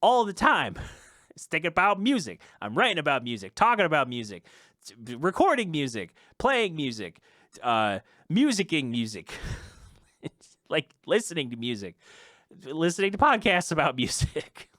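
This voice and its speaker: A man's voice: on the high side, very animated, normal speed, bright, forceful tone, dry recording, clean studio sound. A young man hosting his own podcast, ranting off the cuff with laughter and exasperation. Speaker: podcast host and musician.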